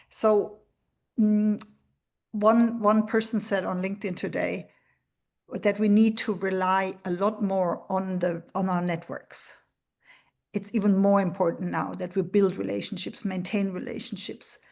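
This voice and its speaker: A woman's voice: medium pitch, a little mellow. Earnest woman coach on a panel. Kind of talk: panel discussion.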